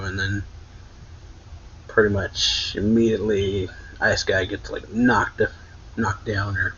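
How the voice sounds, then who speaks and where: A man's voice: on the low side, bright, forceful tone, breathy edge. A man hosting a reaction video, recapping manga chapters casually in a rambling way full of "like". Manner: rambling, filler-heavy with frequent "like". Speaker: anime reaction channel host. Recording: dull lo-fi audio.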